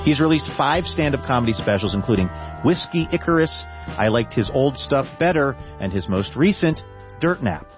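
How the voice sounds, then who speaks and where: Male announcer, mid-pitched voice, dry delivery, music under, muffled sound. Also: animated, normal speed. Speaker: show announcer. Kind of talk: reading a guest introduction.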